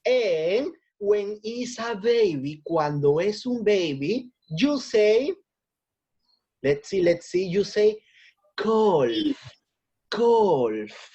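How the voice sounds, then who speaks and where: A woman's voice: mid-range voice, very animated, very slow, dark tone, husky, lo-fi sound. A woman teaching English vocabulary to children in an online lesson. She is encouraging, repeats phrases and switches into Spanish. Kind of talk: online lesson for young learners.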